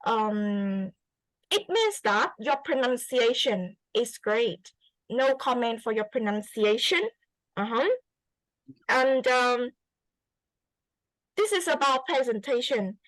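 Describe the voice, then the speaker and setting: A woman's voice: fairly high pitch, animated, takes it slowly, pauses often, fairly bright tone, dry recording, low-quality recording. A woman with a Vietnamese accent giving an English student spoken feedback, encouraging and repeating her phrases with many fillers.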